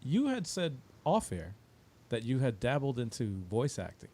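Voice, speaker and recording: A man hosting a podcast, asking questions in a relaxed, hesitant way with many fillers. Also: mid-range voice, moderate pace. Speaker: podcast host. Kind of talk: casual podcast chat.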